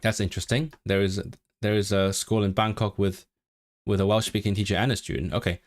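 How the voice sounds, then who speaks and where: Man, language streamer, slightly low voice, halting, repeats phrases, home desk mic. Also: level tone. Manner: halting, repeats words while practising pronunciation. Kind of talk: live-stream study session, reading aloud.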